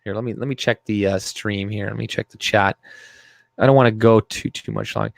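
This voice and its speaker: A man's voice: fairly low pitch, steady tone, brisk, creaky, no room sound, clean studio sound. A young man hosting a live stream, ranting profanely and reading his chat aloud. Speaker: livestream host. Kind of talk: casual live-stream commentary.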